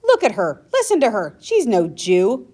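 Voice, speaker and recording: A woman reading as a rough-faced soldier on guard duty, gruff and easygoing with a leering edge. He speaks loudly and brushes off his partner's suspicions. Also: a little high, wildly swooping pitch, normal speed. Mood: dismissive.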